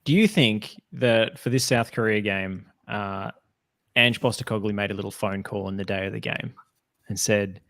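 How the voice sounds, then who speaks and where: A man's voice: fairly low pitch, moderate pace, fairly bright tone, no room sound, studio quality. A man hosting a casual podcast chat, wry and joking. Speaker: podcast host.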